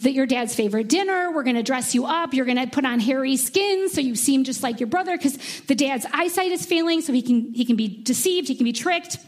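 A woman's voice: sits high, animated, fairly quick, hardly any pauses. A woman voicing a scheming mother who plots with her younger son, in a conspiratorial tone.

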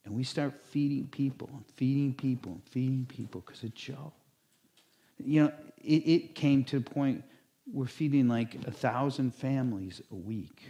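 A man's voice: medium pitch, moderate pace, dark tone. A male pastor preaching a sermon in a conversational storytelling way, with asides to the congregation and acted-out quotes.

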